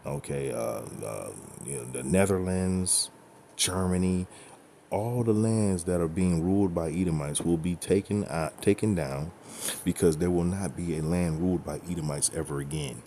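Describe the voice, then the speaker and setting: A man's voice: low-pitched, normal speed, gravelly, dark tone, a little hiss or hum. A man teaching scripture in a blunt, profane, emphatic way, often checking in with "okay?" and "right?". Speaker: religious teacher.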